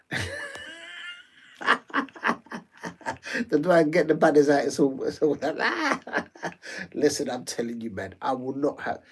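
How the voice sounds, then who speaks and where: A man doing rambling, jokey live commentary on a football match, with slangy asides and sudden excited shouts. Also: a little high. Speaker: watch-along streamer. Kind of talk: live watch-along commentary.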